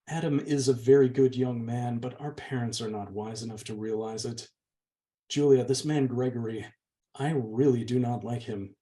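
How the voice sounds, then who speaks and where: A man reading aloud, voicing a meek and gentle young woman who pleads softly with her older sister. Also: mid-range voice, fairly even intonation, normal speed, lightly acted. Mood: worried. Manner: soft, pleading. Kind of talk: audiobook reading.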